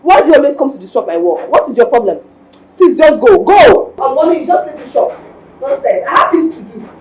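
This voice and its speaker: A woman's voice: mid-range voice, very animated, brisk, darkish tone, close to an everyday voice, poor audio. An actress playing an angry, dismissive young woman shopkeeper with a Nigerian accent, in a film drama. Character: fed-up young woman shopkeeper, sharp-tongued.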